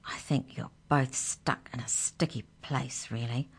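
A woman's voice: very deep voice, fairly even intonation, measured pace, vocal fry, slightly rough, full character voice. A woman voicing a timid, nervous young boy who often whispers. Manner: anxious, whispering.

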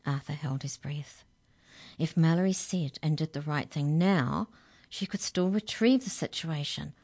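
A woman reading a children's story for radio, calm and measured. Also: low voice.

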